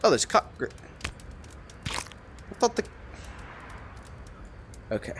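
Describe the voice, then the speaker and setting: A man giving let's-play commentary, rambling and excitable, swearing often and talking to himself as he plays. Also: slow, slight background noise. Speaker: gamer playing a cooking game.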